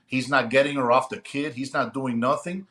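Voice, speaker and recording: This is a middle-aged man, a retired police sergeant, spinning a story on a casual podcast. His pitch sits in the ordinary middle for a man. He talks in a lively, conversational way and keeps checking in with his listeners. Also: moderate pace.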